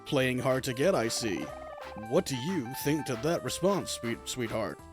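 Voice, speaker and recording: A man voicing a theatrical showman who announces and hosts a dating show, in a grandiose, drawn-out delivery. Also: medium pitch, lively intonation, over music, lightly acted. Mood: showy.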